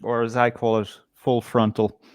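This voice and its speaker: A man's voice: medium pitch, monotone, normal speed, no room sound. An Irish man chats casually on a comedy podcast, stumbling through restarts and fillers. His voice is recorded close and dry, with no room around it. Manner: hesitant, stammering, dry. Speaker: co-host.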